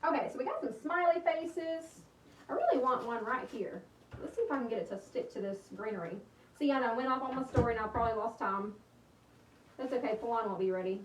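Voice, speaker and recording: A woman's voice: fairly high pitch, expressive, quick pace. A woman in her thirties from East Texas with a Texan accent, chatting casually and thanking viewers by name while she crafts on a livestream. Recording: echoey room, mic at a distance, faint hum.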